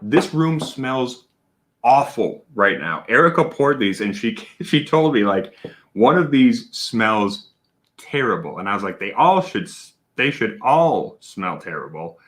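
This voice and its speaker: A man hosting a casual livestream, chatty and animated, with plenty of fillers and shout-outs to viewers. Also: mid-range voice, measured pace. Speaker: livestream host.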